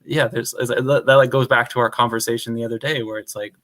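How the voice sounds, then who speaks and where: A man's voice: mid-range voice, steady tone, quick pace, fairly bright tone. A man speaking as a podcast guest, rambling openly about his feelings, full of "like" and casual swearing. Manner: rambling, heavy use of "like", frank and swears casually. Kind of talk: casual conversational podcast chat.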